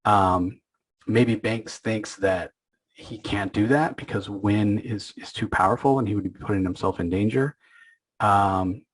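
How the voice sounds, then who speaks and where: Man, podcast host, low voice, husky, casual comic recap, fillers and restarts. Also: poor audio. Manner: retells scenes with quick acted quotes, many fillers and restarts.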